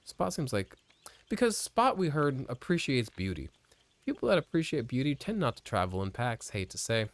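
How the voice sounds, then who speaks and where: A let's play streamer gives casual gameplay commentary at a home desk mic, rambling, swearing, mocking himself, and swinging between mutters and exclamations. His medium-pitched voice is very animated, at a moderate pace.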